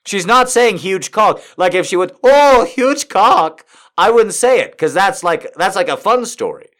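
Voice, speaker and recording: A man reading a story aloud in a hushed voice and breaking off for rambling, laughing comic commentary. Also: high-pitched, lively intonation, normal speed. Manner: rambling, laughs a lot, mock-exasperated. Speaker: reader and commentator.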